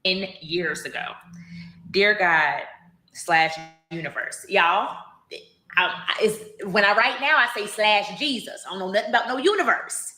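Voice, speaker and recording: A woman's voice: mid-range voice, measured pace, pushed and bright. A woman reading entries from her old diary aloud, breaking off for chatty asides to her listeners. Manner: chatty, addresses listeners as y'all. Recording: echoey room.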